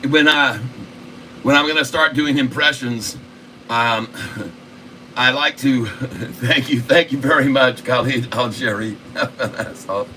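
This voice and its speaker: A man's voice: medium pitch, slow, long pauses, bright, forceful tone, recorded from a distance, slight background noise, low-quality recording. Jokey man hosting a livestream. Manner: jokey, laughs often, reads chat aloud. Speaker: livestream host. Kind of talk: casual livestream chat.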